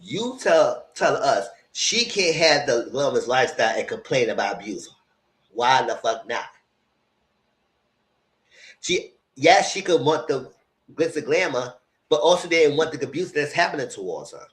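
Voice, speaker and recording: A man's voice: mid-range voice, sing-song, moderate pace, pauses often, fairly bright tone, poor audio. A man hosting a live vlog, ranting with heated, emphatic and profane commentary. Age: adult, past graduate school. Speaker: vlog host.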